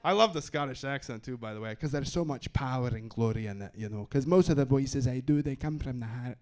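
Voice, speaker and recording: A man's voice: mid-range voice, brisk, a little mellow. A young man doing stand-up in a put-on English accent, wry and self-mocking, on a comedy club stage with a handheld mic. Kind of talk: stand-up set.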